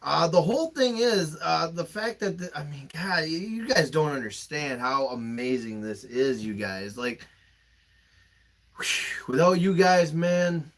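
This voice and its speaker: A man's voice: on the high side, lively intonation, measured pace. A young man with a slightly raised voice tells personal stories on a podcast. He talks candidly and emphatically, swears freely and gets openly emotional. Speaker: podcast host.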